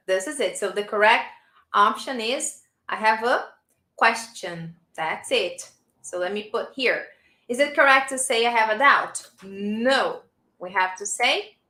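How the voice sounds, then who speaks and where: A woman from Brazil with a Brazilian Portuguese accent, teaching a live online English lesson and warmly praising her learners. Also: fairly high pitch, echoey room. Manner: encouraging, praising learners often.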